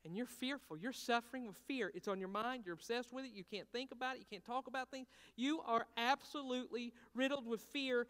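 A man preaching a sermon as pastor. He swings between hushed, intimate talk and loud, fervent preaching, and calls out questions to the congregation. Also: very high-pitched, a little fast, few pauses, clear, resonant tone. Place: church sanctuary. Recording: long reverb of a large hall.

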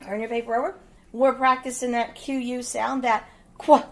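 A woman's voice: fairly high pitch, level tone, moderate pace, a bit bright. A woman teacher with an American Midwest accent giving a phonics lesson to young children, patiently spelling words out letter by letter.

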